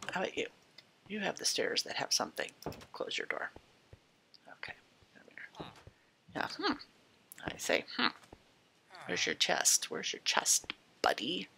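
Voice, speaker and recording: A woman's voice: medium pitch, vocal fry, pushed and bright, slight background noise. A woman giving casual let's-play commentary, chatting to the game's characters and slipping in and out of half-whispers. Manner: chatty, talks to game characters, drifts in and out of whispers. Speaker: gameplay host.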